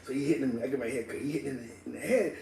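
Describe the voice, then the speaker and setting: A man telling a street story in slangy, animated casual talk, laughing and acting out the people in it. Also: mid-range voice, racing, creaky. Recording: roomy echo, distant mic, faint ambience.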